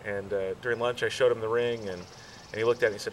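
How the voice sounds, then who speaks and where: Low-voiced man telling a slow, halting story. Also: fairly even intonation, recorded from a distance, a little hiss or hum, poor audio. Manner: slow, halting, many fillers and restarts. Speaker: groom telling proposal story. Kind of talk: casual storytelling.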